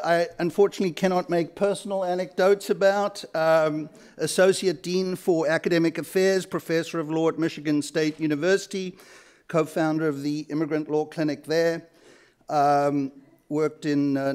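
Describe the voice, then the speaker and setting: A South African man in his fifties moderates a panel at a lecture. His fairly high voice moves haltingly through introductions and memories, full of ums and uhs but earnest. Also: a little mellow, smooth. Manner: many fillers, halting, earnest. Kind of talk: panel introductions and personal story. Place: lecture hall.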